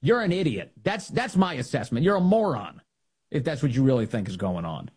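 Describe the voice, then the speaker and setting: Man, American, talk-show host, political commentary, husky voice, mocking and emphatic tone. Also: big pitch swings, a little fast, a little mellow. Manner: mocking, scornful and emphatic, with sudden high jumps in pitch.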